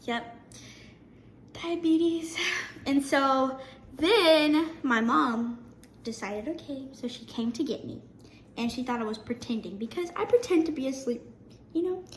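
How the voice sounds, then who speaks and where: High-voiced teen girl vlogger, echoey room. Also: measured pace, long pauses, a little hiss or hum. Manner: chatty, animated, frequent restarts. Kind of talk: casual storytelling to camera.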